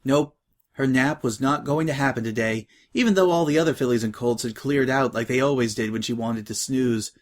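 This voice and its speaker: A man narrating a dramatic reading of a fan story in a calm, even way. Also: medium pitch, brisk. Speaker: reader.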